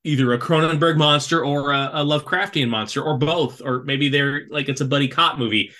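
Man, podcast co-host, bright voice, jokey rambling asides, casual chat. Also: fairly high pitch, brisk.

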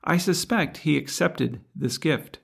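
A man's voice: a little high, a little slow, vocal fry, fairly bright tone, slightly rough. A man preaching a sermon in an earnest, reflective way, asking rhetorical questions.

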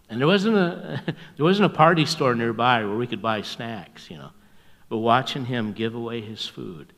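An older man preaching as a pastor, telling stories in a folksy, chuckling way and dropping to a hushed voice at tender moments. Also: medium pitch, in a large hall. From North America. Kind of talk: storytelling sermon.

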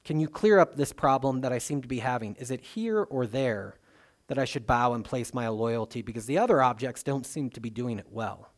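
A man preaching a sermon in a conversational way, with swings in loudness and frequent fillers and restarts. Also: mid-range voice, expressive, brisk. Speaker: pastor.

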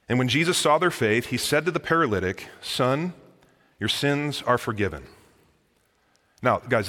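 Pastor guy preaching, chatty and energetic, big echoey church hall. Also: mid-range voice. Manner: energetic, conversational, addresses listeners as guys. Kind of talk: sermon. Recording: long reverb of a large hall.

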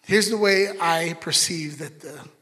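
Male pastor, high bright voice, lively sermon delivery, long hall reverb. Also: measured pace. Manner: animated, chatty asides to the congregation.

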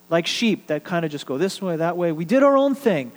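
A male pastor preaching a sermon, telling a story with animated build-ups and quiet, hushed drops for emphasis. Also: a little high, fairly quick, few pauses, long reverb tail, low-quality recording.

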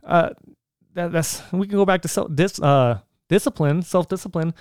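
A man's voice: sits high, normal speed, a little mellow, clear, resonant tone, no room sound, studio quality. A man telling personal stories and giving advice casually, rambling with many restarts. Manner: rambling, with frequent restarts and filler words. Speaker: vlogger.

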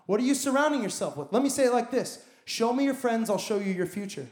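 High-voiced pastor preaching in an echoey church. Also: male voice, expressive, fast, a little mellow. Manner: emphatic, builds with repeated phrases. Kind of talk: sermon. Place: church sanctuary.

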